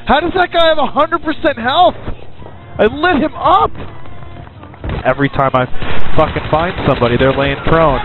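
A young man yelling and swearing in exasperation while commenting on his own gameplay. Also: extremely high pitch, huge pitch swings, moderate pace. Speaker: gamer. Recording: tinny narrow-band capture over game music. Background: game music.

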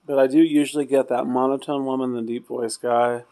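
A man's voice: medium pitch, little pitch movement, a little fast. Male paranormal investigator, loose chatty delivery, old hotel room at night. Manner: rambling, trails off quietly. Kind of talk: casual chat during ghost hunt.

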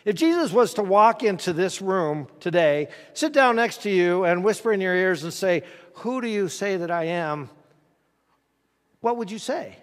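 A man serving as pastor delivers a homey, chatty sermon, stopping now and then to put questions to his congregation. For a male speaker, his pitch runs quite high, and his delivery is animated. Long church-sanctuary reverb hangs on every word.

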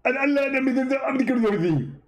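A boastful, taunting male preacher, put on by a man in a raised, squeaky voice. He rambles fast and crows over every point, the pitch jumping all over the place. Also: expressive, poor audio.

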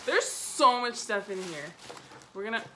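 A young woman chatting excitedly at home as she unboxes makeup, gasping and giggling as she goes. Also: a little high, a little slow, a little hiss or hum. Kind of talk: excited casual unboxing chat. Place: home room.

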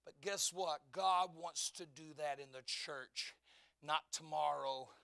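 A man in his fifties preaches in church with a high, bright, ringing voice. He drops to a quiet storytelling murmur and then climbs to impassioned shouting. His voice is close and dry, with little room sound. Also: takes it slowly, creaky, dry recording. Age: 50s. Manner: swings from hushed storytelling to fervent shouting. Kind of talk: sermon.

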